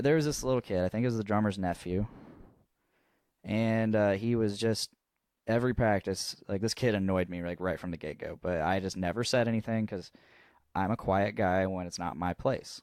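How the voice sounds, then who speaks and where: A man's voice: lowish voice, moderate pace, darkish tone, clean tone, no echo. A young man co-hosting a podcast, telling a long story in casual chat, rambling and swearing freely with lots of restarts. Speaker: podcast co-host.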